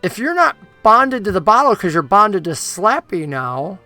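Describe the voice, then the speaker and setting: Soft, concerned circus woman, played by the game master, gentle and questioning. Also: mid-range voice, big pitch swings, moderate pace, faint music behind. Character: calm, concerned circus woman explaining magic.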